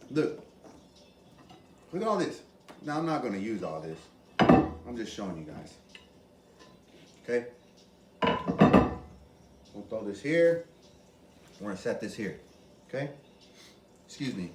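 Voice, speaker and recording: An animated man walks viewers through a recipe at an unhurried pace, his higher voice leaping around as he exclaims over each step. He sits well away from the camera, so the sound is roomy and echoey, with a faint wash of ambient noise behind him. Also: distant mic. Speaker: cooking video host. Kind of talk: casual cooking demonstration.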